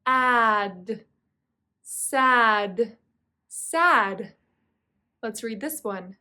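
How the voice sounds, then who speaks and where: Slow, bright-voiced woman teaching phonics. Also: on the high side. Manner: slow, clearly sounded-out speech with encouraging prompts. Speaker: reading teacher. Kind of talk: phonics lesson for young children. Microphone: camera mic, teaching at a whiteboard.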